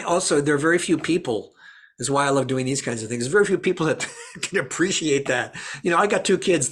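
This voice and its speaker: In an interview, a male actor guest tells anecdotes in an animated way, acting out the voices of the people he quotes. His voice is husky and medium in pitch.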